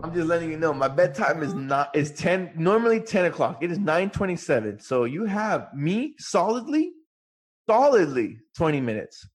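A man's voice: fairly high pitch, big pitch swings, normal speed. A man co-hosting a casual podcast chat, laid-back and slangy. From California. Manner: laid-back, slangy, says "bro" and "dude". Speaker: podcast co-host.

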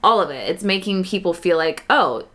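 Lower, bright-toned woman. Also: lively intonation, moderate pace. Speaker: podcast co-host. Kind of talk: casual chat.

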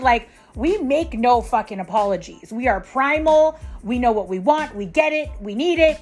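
A woman's voice: on the high side, lively intonation, moderate pace, hardly any pauses, faint music behind. A woman hosting her first solo podcast, swearing freely and talking bluntly and emphatically straight to her listeners, tired after an early start. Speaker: podcast host. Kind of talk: raw unscripted solo podcast rant.

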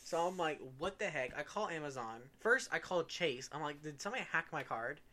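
A man's voice: fairly high pitch, lively intonation, a little fast, bright, forceful tone. Chatty teenage podcast host guy. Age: teens. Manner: laughs often, chatty storytelling. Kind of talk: casual chat.

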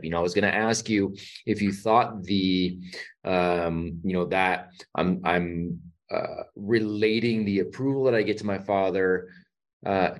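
Low-voiced male podcast host. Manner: reflective, searching for words. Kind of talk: interview conversation.

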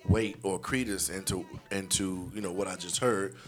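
A man's voice: deep voice, steady tone, moderate pace, soft background music. A man co-hosting a casual podcast, talking in long emphatic opinions full of "you know" fillers. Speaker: podcast co-host.

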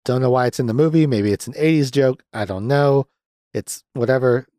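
Here a young man recaps a movie on his podcast, sardonic and relaxed, swearing liberally and leaning on fillers. He talks at a moderate pace in an animated mid-range voice with a dark tone, recorded dry with clean studio sound.

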